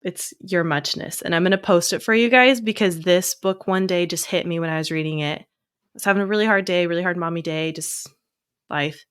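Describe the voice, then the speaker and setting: Low-voiced encouraging woman therapist. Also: a bit bright, smooth. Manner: encouraging, reads uplifting text slowly. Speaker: therapist and podcast co-host. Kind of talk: casual podcast chat.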